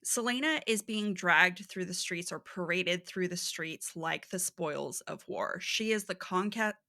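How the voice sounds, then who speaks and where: Gravelly, bright-toned woman co-host. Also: lowish voice. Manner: measured, analytical, with agreeing murmurs. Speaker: podcast co-host. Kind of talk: casual literary discussion.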